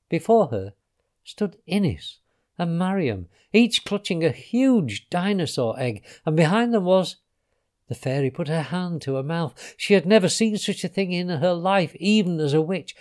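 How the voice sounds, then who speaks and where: A man reading a children's storybook aloud in an expressive way, letting his voice drop softly on the speech tags. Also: fairly high pitch, measured pace.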